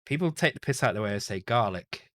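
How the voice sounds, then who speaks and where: A man's voice: medium pitch, animated, fast talker, fairly bright tone, no room sound. A man with a Northern English accent, streaming live as he codes and thinks aloud, muttering to himself, correcting himself and joking with casual swearing. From Northern England. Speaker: streamer coding a retro game.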